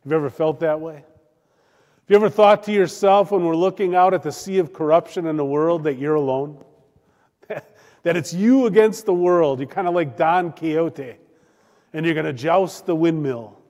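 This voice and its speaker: A pastor preaching a sermon, swinging between loud declaiming and hushed, drawn-out emphasis. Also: male voice, fairly high pitch, in a large hall.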